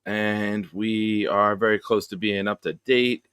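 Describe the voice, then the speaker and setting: A man's voice: lowish voice, fairly even intonation, takes it slowly, fairly bright tone, smooth, no room sound, clean studio sound. A man hosting a casual live stream show, greeting viewers one by one with jokes and upbeat energy. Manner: jokey, upbeat roll call of viewers. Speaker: show host.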